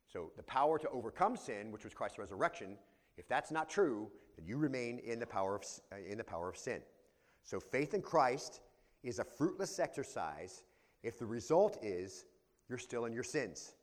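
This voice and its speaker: A man's voice: medium pitch, big-room sound. A man preaching a verse-by-verse sermon as pastor, explaining the original Greek words as he teaches. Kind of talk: expository sermon. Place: church sanctuary.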